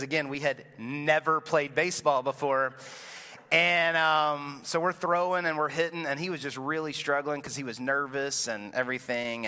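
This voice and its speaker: Pastor guy preaching, chatty and jokey, bright voice, reverb from a big hall. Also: on the high side, clear, resonant tone. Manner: casual storytelling, self-deprecating jokes. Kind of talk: sermon. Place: church sanctuary. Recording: long reverb from a large room.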